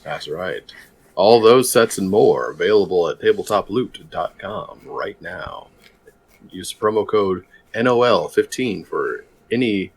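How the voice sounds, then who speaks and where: A man putting on a smooth, calm radio announcer voice to read an ad, deep and unhurried. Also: exaggerated voice. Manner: smooth, slow, calm, low-key. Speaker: player.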